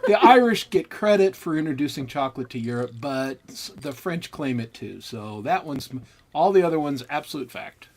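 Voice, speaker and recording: A man's voice: fairly high pitch, animated, moderate pace. A man on a group video call, a songwriter explaining things in a matter-of-fact way. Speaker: songwriter guest.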